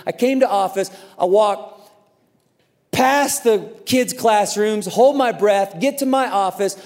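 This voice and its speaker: A man preaching a sermon as a pastor, telling a story in an animated way and acting out the voices in it. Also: high voice, slow, big-room sound. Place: large church auditorium.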